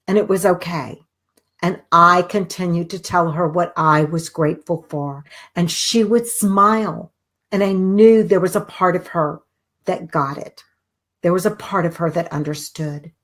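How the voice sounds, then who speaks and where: A middle-aged woman hosting a talk show, telling a personal story in an animated way and acting out the voices of the people in it. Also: fairly low pitch. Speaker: host.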